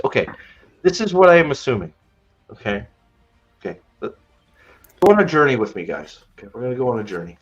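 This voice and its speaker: A man's voice: mid-range voice, big pitch swings, fairly quick, pauses often, slightly rough, highs cut off. A man hosting a podcast in a casual, sarcastic rant, stumbling over his words as he mock-retells scenes. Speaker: podcast host.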